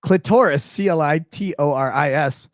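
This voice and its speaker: A man's voice: a little high, moderate pace, no echo, clean studio sound. A man hosting a livestream, ranting about everyday gripes with profanity and sarcasm, and reading chat messages aloud. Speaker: livestream host.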